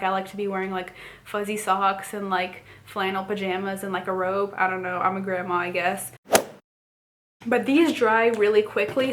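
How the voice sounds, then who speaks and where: A woman's voice: medium pitch, a bit bright, slight background noise. A young woman chatting casually in a beauty haul vlog, filling her talk with "like" and "um". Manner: chatty, frequent "like" and "um" fillers. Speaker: beauty vlogger.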